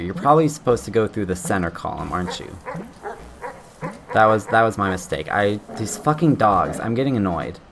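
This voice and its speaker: A man with a fairly low voice talks his way through a video game, thinking aloud and cursing at his own slips. He trips over his words and yelps when a jump goes wrong. A steady hiss of noise sits under the recording. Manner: thinking aloud, frequent swearing and restarts, yelps at mistakes. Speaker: streamer playing a game blind. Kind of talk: casual gameplay commentary.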